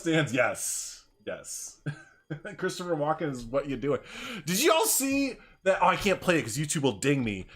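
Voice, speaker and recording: Animated, laughing male game streamer. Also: fairly high pitch. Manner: animated, joking, laughs often. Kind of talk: casual live stream chat.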